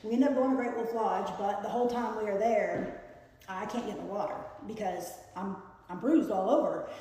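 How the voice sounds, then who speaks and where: A woman telling a personal story in a casual storytime, earnest and hesitant, filling pauses with fillers while she paints. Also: mid-range voice, a little mellow. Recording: echoey room with long reverb.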